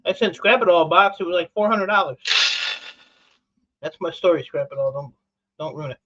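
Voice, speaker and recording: Man, excitable, gushing, casual livestream chat, dull lo-fi sound. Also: on the high side, brisk. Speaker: host dismantling e-waste for scrap.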